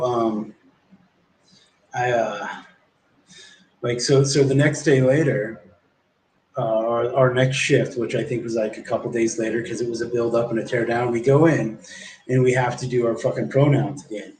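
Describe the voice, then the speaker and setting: A man's voice: mid-range voice, fairly even intonation, moderate pace, pauses often, a little mellow, far from the mic. Rambling profane man, echoey room. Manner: rambling, profane, many fillers and restarts. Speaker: streamer telling a story. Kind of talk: casual storytelling chat. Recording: echoey room with faint background noise.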